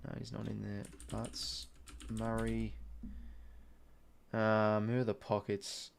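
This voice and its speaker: A man's voice: lowish voice, completely flat delivery, takes it slowly, creaky, slight background noise. A young Australian man hosting a live stream, chatting casually with viewers and muttering to himself while working through a quiz.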